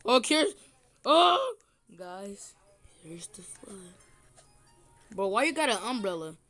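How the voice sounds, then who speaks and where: Faint music plays behind an older woman whose slightly high, a bit bright voice swings widely in pitch at a slow pace. She teases her family playfully mid-game in this casual gameplay commentary from a phone screen recording.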